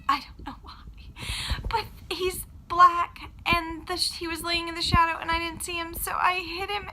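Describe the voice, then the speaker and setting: A woman with children chatting casually to camera in a vlog, telling a story with lively acted-out quotes. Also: high voice, a little hiss or hum, low-quality recording. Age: adult with children. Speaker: vlogger.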